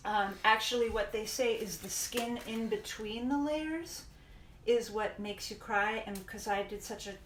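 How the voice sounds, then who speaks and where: A woman's voice: on the high side, unhurried, echoey room, distant mic, a little hiss or hum. A woman hosting a casual live cooking demo in a home kitchen, chatting and explaining as she works, often stopping mid-sentence. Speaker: cooking show host.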